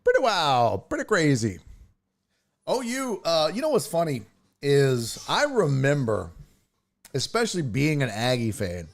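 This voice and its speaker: Speaking a little slowly in a slightly high voice, a man hosts a casual live-streamed sports talk show from Texas. He reads viewer comments aloud and teases rival fans in a loose, animated way.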